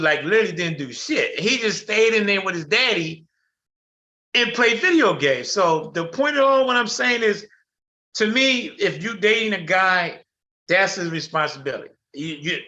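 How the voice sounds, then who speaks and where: Bright-voiced blunt middle-aged man. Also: high voice. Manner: blunt, animated storytelling with slang and cursing. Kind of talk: casual storytelling on a video call. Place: video call. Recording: muffled video call audio.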